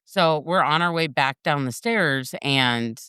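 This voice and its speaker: Low-voiced blunt woman. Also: a little slow, bright, forceful tone, clear, resonant tone, no room sound, clean studio sound. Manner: blunt, swears casually, self-mocking. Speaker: podcast co-host. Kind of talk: casual chat.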